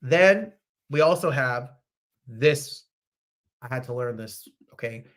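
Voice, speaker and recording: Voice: medium pitch, lively intonation, slow. A host from New Jersey with a New Jersey accent, chatting casually and reading viewer comments aloud.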